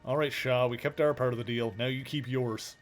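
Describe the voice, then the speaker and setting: A man's voice: medium pitch, steady tone, brisk, faint music behind. A male streamer giving casual commentary as he plays a video game, thinking aloud in a chatty, rambling way.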